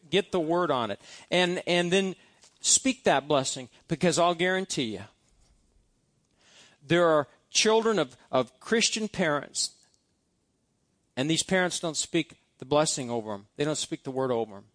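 A man's voice: high voice, lively intonation, a little slow, fairly bright tone, no echo. A male pastor preaching a sermon, reciting scripture-based blessing prayers with emphasis. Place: church.

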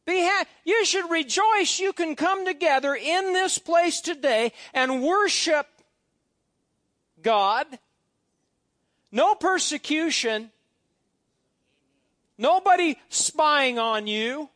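A man's voice: very high-pitched, a bit bright, dry recording. A middle-aged man preaching a sermon as pastor, reading scripture aloud with exuberant emphasis and folksy asides.

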